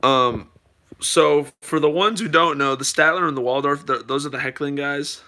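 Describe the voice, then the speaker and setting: A man's voice: fairly high pitch, normal speed, sharp tone. A middle-aged man chatting casually to viewers in a playful, rambling way, his voice slightly cracked from a cough. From United States. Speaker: vlogger. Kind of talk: casual chat to camera.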